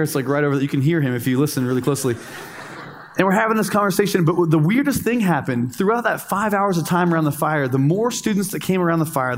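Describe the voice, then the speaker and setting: A man in his thirties preaching a sermon, telling a camping story with humor and slow pauses for emphasis. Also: on the high side, big-room sound. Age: 30s. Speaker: pastor.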